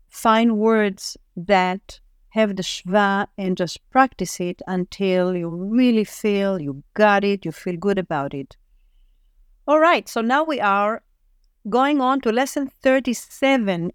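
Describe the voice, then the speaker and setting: A woman gives a patient reading lesson, working through word lists one at a time and explaining how sounds join. She speaks very slowly, in a smooth, clear voice. The sound is dry and close. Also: mid-range voice, darkish tone, no echo. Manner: patient, reads word lists aloud with pauses. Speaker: Hebrew reading teacher. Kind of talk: slow, careful reading lesson.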